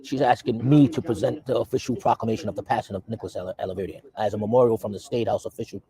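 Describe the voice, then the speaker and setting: A man's voice: fairly low pitch, steady tone, very fast, warm tone. Hesitant man recalling phone calls. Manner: reflective, hesitant with fillers. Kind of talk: interview storytelling.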